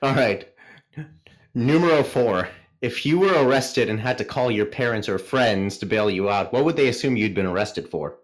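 A man's voice: on the low side, lively intonation, moderate pace. A man hosting a podcast in casual chat, swearing freely as he asks his questions. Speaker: podcast host.

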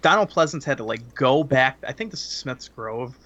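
A man's voice: mid-range voice, animated, normal speed, fairly bright tone, dull audio. A man chatting casually and crudely about a horror film, laughing often as he rambles through the plot.

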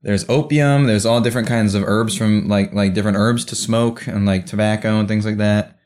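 A man's voice: fairly low pitch, fairly even intonation, a little fast, darkish tone. Amused young man running the game. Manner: rambling, amused, many restarts. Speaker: game master. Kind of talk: tabletop game narration.

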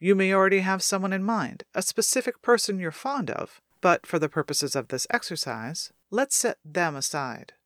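A woman reading her own self-help audiobook aloud, calm and measured as she guides the listener through a writing exercise. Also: lowish voice, dry recording, studio quality.

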